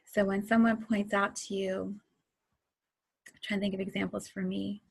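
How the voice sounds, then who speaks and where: A woman's voice: medium pitch, little pitch movement, normal speed, creaky, husky. A woman in her forties hosting a casual spiritual talk, chatty and laughing often as she tells stories. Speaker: host.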